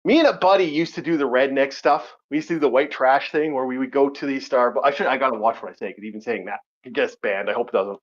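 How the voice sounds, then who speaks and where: A man's voice: medium pitch, fast, hardly any pauses. A man hosting a podcast in casual chat, rambling and profane, laughing often. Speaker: podcast host. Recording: lo-fi muffled audio.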